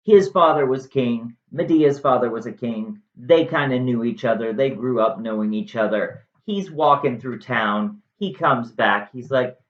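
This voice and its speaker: A man's voice: mid-range voice, measured pace, hardly any pauses. Chatty, sarcastic male storyteller, muffled, roomy recording. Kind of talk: casual, comic retelling. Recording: roomy, slightly muffled room sound.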